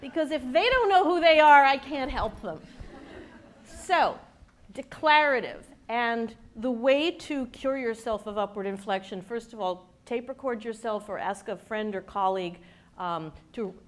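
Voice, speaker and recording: A woman communications expert giving a workshop to a live audience in a playful, lively way. She asks the listeners questions and acts out the speech habits she describes. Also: a little high, measured pace, a little hiss or hum. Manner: demonstrates speech habits with her own voice.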